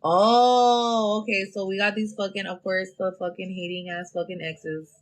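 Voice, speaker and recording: A woman's voice: medium pitch, flat delivery, normal speed. A woman giving a live-stream tarot reading, talking bluntly in a profane, slangy, rambling way into her phone. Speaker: tarot reader.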